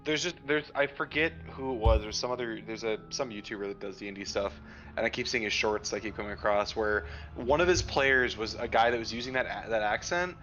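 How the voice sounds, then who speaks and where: A man's voice: lowish voice, fairly quick, a bit bright, dull audio, soft background music. A man playing in a tabletop game, chatting casually and rambling as he restarts his sentences. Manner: rambling, self-interrupting. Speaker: player. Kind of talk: casual chat.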